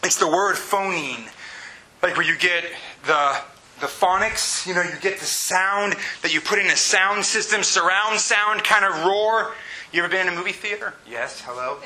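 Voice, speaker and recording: A man in his late thirties preaching a sermon in a church, animated and sometimes shouting out exclamations. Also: sits high, moderate pace. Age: 30s. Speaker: pastor. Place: church sanctuary. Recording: echoey room with faint hiss.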